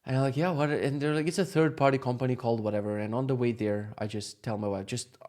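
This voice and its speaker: A young man telling a travel mishap story in a casual rant, exasperated and swearing, with animated bursts of frustration. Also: mid-range voice, quick pace. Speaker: vlogger.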